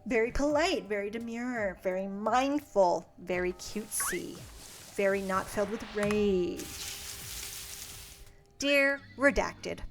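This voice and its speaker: On a livestream, a young woman reads out her past letters in a casual way, mocking who she used to be and cursing without restraint. She speaks at a medium pitch and a little slowly, over faint background music.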